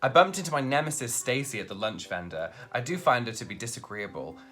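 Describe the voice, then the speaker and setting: A British guest puts on a plummy, overly formal posh voice, stiff and pompous. The pitch moves widely, and the tone is bright. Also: animated, quick pace, lightly acted.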